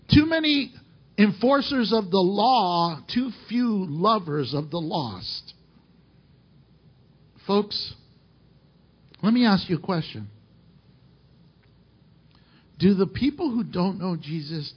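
Husky, high-voiced pastor preaching. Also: male voice, expressive, a little slow, muffled recording. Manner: emphatic preaching with rhetorical questions to the congregation. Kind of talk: sermon.

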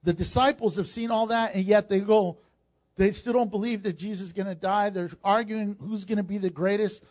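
Male pastor, high voice, animated sermon, dull lo-fi recording. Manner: animated, acts out Bible characters in quick asides. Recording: dull lo-fi sound.

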